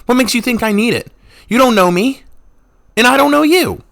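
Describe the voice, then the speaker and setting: A man's voice: very high voice, lively intonation, normal speed, creaky, a bit bright, voice pushed up, heavily acted. A man voicing a furious young female berserker warrior who snaps and screams at a stranger. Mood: defiant. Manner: screaming, snapping, hostile.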